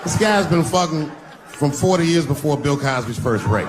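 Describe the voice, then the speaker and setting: A middle-aged man doing a live stand-up routine, punchy and profane, swinging between loud bursts and low asides. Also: lively intonation, normal speed. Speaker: stand-up comedian. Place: comedy stage before a live crowd. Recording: noisy live stage recording with audience.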